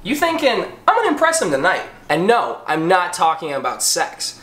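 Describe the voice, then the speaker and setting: A man's voice: high voice, wildly swooping pitch, moderate pace, a bit bright. A man hosting a crude comedic cooking demo, swearing and joking as he gives mock instructions. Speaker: comedic cooking show host. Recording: echoey room, distant mic, noisy.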